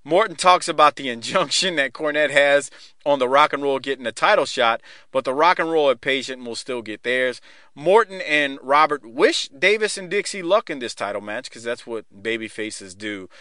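A man hosting a casual podcast chat who laughs often, swears freely and talks in quick, rambling restarts. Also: medium pitch, lively intonation, sharp tone, dry recording, clean studio sound. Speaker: podcast host. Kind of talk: casual podcast chat recapping a wrestling show.

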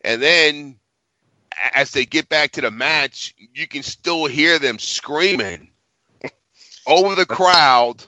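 A man's voice: fairly high pitch, takes it slowly, bright, forceful tone, no room sound, muffled recording. Profane, rambling man co-hosting a podcast. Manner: profane, rambling storytelling with repeated words. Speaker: podcast co-host. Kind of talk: casual podcast chat.

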